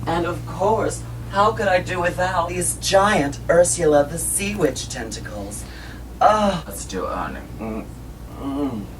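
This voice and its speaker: A man's voice: a little high, expressive, pitched above the performer's own voice. A man doing a languid campy drag diva. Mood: grand. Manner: affected put-on drawl, slow and grand. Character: languid campy drag queen persona, grand and self-mocking. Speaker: drag performer in audition tape. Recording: distant, noisy old camcorder audio.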